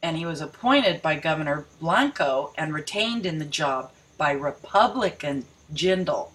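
A woman's voice: deep voice, expressive, measured pace, a bit bright, low-quality recording. A woman reading news articles aloud and breaking off to mock them, rereading lines for emphasis. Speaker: video commentator.

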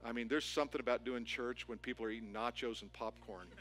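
A man preaching a sermon as pastor, telling a story with animated, building excitement. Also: medium pitch, fast talker, soft background music. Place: church auditorium.

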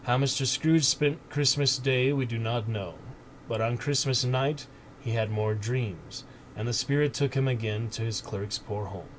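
Streamer reading a storybook aloud, mid-pitched man, gentle and expressive, faint hiss behind. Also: measured pace.

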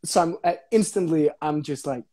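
A man's voice: a little high, normal speed, background noise. A young man, chatting casually and jokingly on a live phone stream, laughing often and repeating himself. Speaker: actor hosting a live watch-along. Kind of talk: casual chat.

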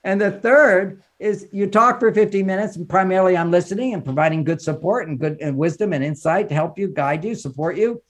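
A man's voice: high-pitched, a little fast, few pauses. A man, a relationship author and counselor, talking as a podcast guest in an emphatic, teacherly way, often laughing as he speaks. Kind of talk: podcast conversation, advice and explaining.

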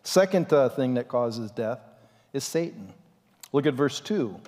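A man preaching a sermon as pastor, in an animated and dramatic way, in a church sanctuary. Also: mid-range voice, a little slow. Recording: long reverb in a church hall.

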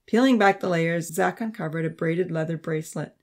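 A man narrating a Christian youth novel in a steady, clear storytelling voice. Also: a little high, a little fast. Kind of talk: audiobook narration.

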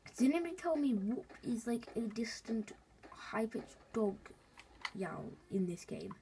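A woman talks her way through a game in a loose, chatty ramble, addressing viewers directly. Her voice sits a little on the high side. Soft keyboard clicks and typing tick along in the background. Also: measured pace, a little hiss or hum. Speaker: gaming video host. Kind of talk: casual gameplay commentary.

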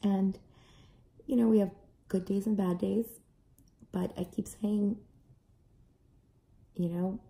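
Gravelly dark-voiced mom telling a story. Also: female voice, mid-range voice, takes it slowly, pauses often. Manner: animated, acts out kids' and own voices. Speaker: parent vlogger. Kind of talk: casual storytelling to camera.

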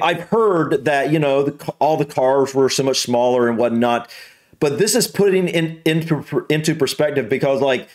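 American man, reaction host, casual, halting, musing. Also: medium pitch. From United States. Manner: halting, musing, with many fillers and restarts.

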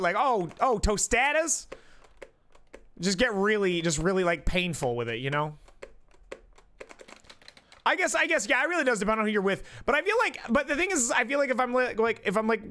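A man's voice: high voice, pushed and bright. A man streaming live, chatting casually in a rambling, profane way that keeps cutting itself off and restarting. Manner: rambling, profane, self-interrupting.

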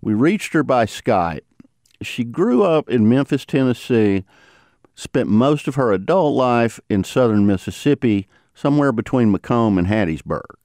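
A man hosting a podcast, narrating in a lively, conversational storytelling manner. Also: medium pitch, a little slow, no echo, studio quality. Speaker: podcast host. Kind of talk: scripted narration.

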